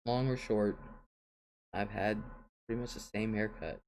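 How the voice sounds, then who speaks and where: A woman's voice: very deep voice, fairly even intonation, measured pace, a little mellow. An older woman hosting a casual livestream, chatting and reading viewer comments aloud with frequent chuckles. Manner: chuckles often, chatty and rambling. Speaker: livestream host.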